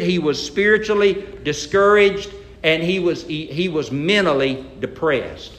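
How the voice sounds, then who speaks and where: A man's voice: fairly high pitch, a little slow, a bit bright, roomy sound. A male pastor preaching a sermon, retelling a Bible story in a folksy way and acting out the quotes.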